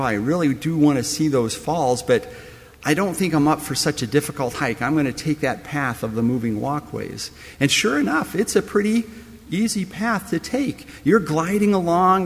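A man's voice: a little high, long reverb tail. A man preaching a sermon, telling a story that speaks straight to the listener as you. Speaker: pastor.

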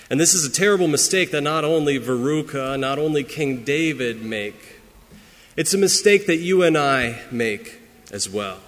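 A man preaching a sermon as pastor, earnest and emphatic, pressing some lines hard and dropping others to a hush. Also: medium pitch, long reverb tail.

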